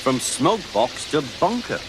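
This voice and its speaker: Male narrator, unhurried storybook reading, animated and slightly high. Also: background noise. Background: music.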